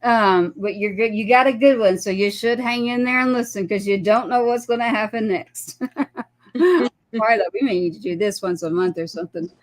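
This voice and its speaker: Appearing as a talk show guest, a woman with a mid-range voice speaks at normal speed. She shares a personal story casually and animatedly performs the quoted dialogue of the people involved.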